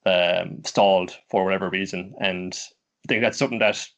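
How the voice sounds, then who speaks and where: A man's voice: sits low, steady tone, moderate pace. A man co-hosting an anime podcast, talking casually and hesitantly with many fillers. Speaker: podcast co-host. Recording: dull lo-fi stream audio.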